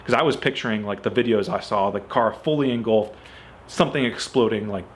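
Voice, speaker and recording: A man's lowish voice moves briskly through a chatty story about his car, with a little hiss or hum underneath. He's animated, filling it with "like" and "you know" and voicing the quoted dialogue of the people in it.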